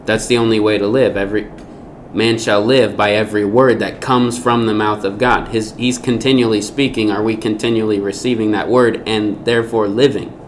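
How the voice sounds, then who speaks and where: A man's voice: fairly low pitch, steady tone, moderate pace, slight background noise. A man teaching a Bible lesson, speaking emphatically and often asking rhetorical questions.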